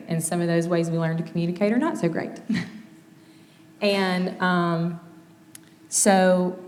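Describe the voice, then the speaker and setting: A mother in her thirties gives a conversational, plainspoken talk about family communication, gently quoting examples. Her voice is lowish and the sound has a big-room quality.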